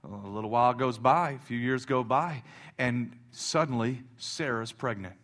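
A pastor preaching a sermon in a casual, joking storytelling way. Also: male voice, medium pitch, normal speed, a bit bright.

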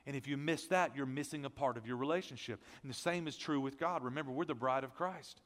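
A man preaching a sermon as pastor, energetic and conversational, with self-deprecating asides, and without a deep voice. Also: quick pace, big-room sound. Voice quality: not a deep voice.

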